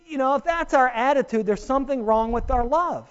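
A man's voice: extremely high pitch, fairly quick, few pauses, highs cut off. A man preaching a sermon as pastor, emphatic and earnest with humorous asides to his congregation.

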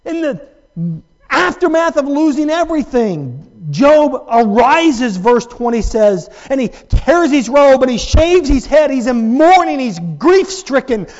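A man preaching a sermon as pastor, dramatic, moving from hushed, low-volume lines to loud, raised emphasis. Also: big pitch swings, unhurried, dull audio. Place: church sanctuary.

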